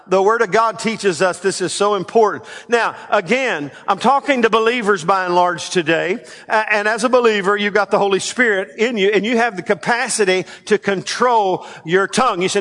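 A male pastor preaching a sermon, leading the congregation in call-and-response and swinging between loud emphatic lines and quiet asides. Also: sits high, moderate pace, hardly any pauses. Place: church sanctuary. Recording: long hall reverb.

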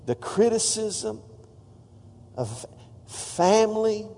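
Animated high-voiced preacher. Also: male voice, extremely slow, long reverb tail. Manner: animated, exhorting the congregation with call-outs. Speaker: pastor. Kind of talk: sermon.

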